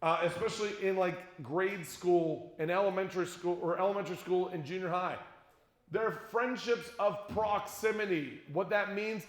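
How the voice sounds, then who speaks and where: Animated high-voiced male youth speaker. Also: moderate pace. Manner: animated, jokey storyteller. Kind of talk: storytelling youth talk to middle schoolers. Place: church conference room with an audience. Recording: echoey room.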